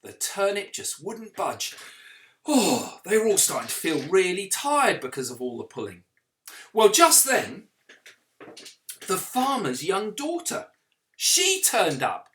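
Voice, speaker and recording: Playing a vicar, a man tells a children's story with lots of animation, adding sound effects and putting questions to the kids listening. His voice sits high and he speaks slowly, with a faint hiss or hum in the background.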